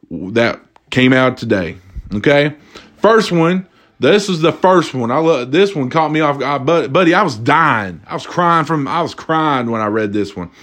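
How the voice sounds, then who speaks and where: A man hosting a casual, comedic talk, reading out viewer submissions and reacting with loud, profane amusement. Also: a little high. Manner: animated, laughing, profane, cracks up. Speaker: host.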